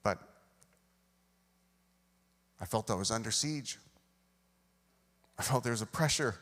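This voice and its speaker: A man's voice: lowish voice, fairly bright tone. A man preaching a sermon, telling a self-deprecating personal story and acting out the dialogue. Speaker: pastor. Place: church sanctuary. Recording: long hall reverb.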